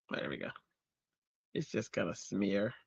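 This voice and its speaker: Woman craft host, casual storyteller, lively bright voice, slightly muffled dry recording. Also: a bass voice, slow, gravelly, slightly rough, no echo. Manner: chatty, animated storyteller. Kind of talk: casual chat while crafting.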